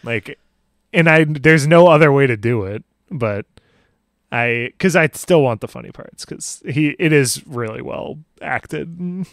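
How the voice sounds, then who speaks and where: A man's voice: a little high, measured pace, fairly bright tone, no room sound, studio quality. A man hosting a podcast, chatting casually about a film with easy laughs and short agreements. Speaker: podcast host.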